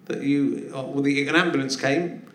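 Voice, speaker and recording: A man's voice: mid-range voice, fairly even intonation, moderate pace. Teasing male host on a live theatre stage. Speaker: podcast host. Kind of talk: live podcast interview. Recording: roomy theatre, audience laughter.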